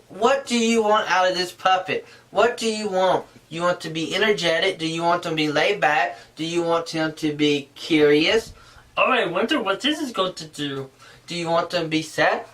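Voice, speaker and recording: A puppetry instructor gives a casual how-to tutorial, earnest and rambling, frequently restarting his sentences. His voice sits high with a sharp tone, and he's far from the mic.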